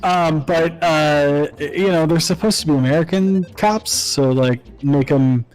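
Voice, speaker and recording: A man's voice: a little high, unhurried, a little mellow, soft background music, rough recording. A man doing casual gameplay commentary, explaining things in a wry way with lots of fillers. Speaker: co-host playing a game.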